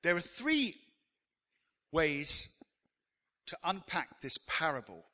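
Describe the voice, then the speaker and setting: A man delivers an emphatic sermon in a sharp, forceful voice that sits a little high. He calls on the congregation to speak lines back with him, and his words carry a long reverb through a large church hall. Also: sing-song, slow pace. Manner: emphatic, leads the congregation in call-and-response. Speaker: pastor.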